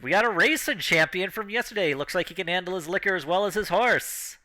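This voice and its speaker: Boisterous fantasy contest announcer, pitched up and punchy, a male game master doing the voice. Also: a little fast, pushed and bright. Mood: hyped. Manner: showman's patter, joking.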